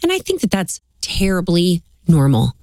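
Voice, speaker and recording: A woman comedian talking as a guest in a podcast conversation, self-deprecating and quick to laugh. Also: on the low side, wildly swooping pitch, darkish tone, no room sound. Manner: self-deprecating humor, quick to laugh, acts out other people's lines.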